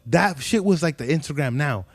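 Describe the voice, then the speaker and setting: A fairly high-voiced man chats casually on a podcast and spins profane stories from his youth. He slips in quick acted-out lines from other people, and his voice sounds close and dry, with no room around it. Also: lively intonation, no room sound. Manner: loose, profane storytelling with acted-out quotes. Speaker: podcast host. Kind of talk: casual chat.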